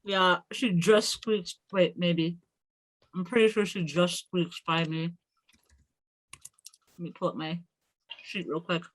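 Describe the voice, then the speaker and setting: A woman's voice: fairly low pitch, steady tone, slow pace, pauses often. A woman playing a tabletop game, chatting and laughing often. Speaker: player. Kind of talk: tabletop role-play chat.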